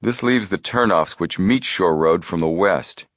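A man doing a calm, methodical teen detective. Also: sits low, dry recording, studio quality. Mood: reasoning. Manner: measured and explanatory. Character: calm, methodical older teenage detective boy.

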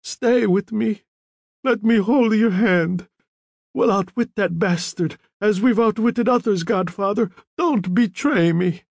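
A man's voice: high-pitched, lively intonation, slow, darkish tone, slightly rough, no echo, pitched above the performer's own voice, full character voice. A man reading a book aloud, voicing a feverish dying old man who begs and cries out for help. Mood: pleading. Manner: desperate pleading, crying out.

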